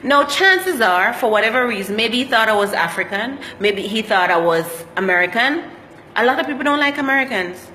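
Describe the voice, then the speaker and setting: A woman's voice: a little high, lively intonation, brisk, sharp tone, long reverb tail, a little hiss or hum. A Jamaican woman telling travel stories in a casual vlog, slipping into patois as she talks. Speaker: travel vlogger.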